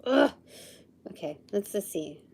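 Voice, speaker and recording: A woman's voice: medium pitch, sing-song, a little slow, darkish tone, slightly rough. A woman hosting a live intuitive session, musing and hesitant as she thinks aloud, sometimes dropping to a murmur or whisper. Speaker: livestream host.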